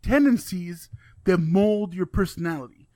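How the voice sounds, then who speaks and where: A man co-hosting a podcast, making his case in opinionated, expressive casual chat and swearing now and then. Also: high voice, a little slow, dry recording. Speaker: podcast co-host.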